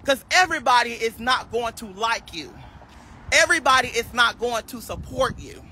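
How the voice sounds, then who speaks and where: A man's voice: extremely high pitch, animated, normal speed, bright, forceful tone, slight background noise. A young man on a casual livestream, delivering a sassy, preachy clapback rant.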